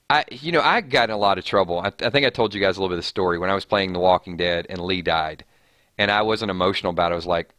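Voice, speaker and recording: A man's voice: low voice, fairly bright tone, dry recording. A man hosting a live stream, chatting casually and reading viewer comments aloud with frequent restarts.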